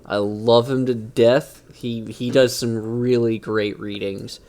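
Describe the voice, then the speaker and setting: A man in the middle of his usual pitch, hosting a live stream in easy, casual chat. He laughs a lot and swears without a second thought, rambling from one idea to the next. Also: flat delivery, takes it slowly, mellow. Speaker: streamer host.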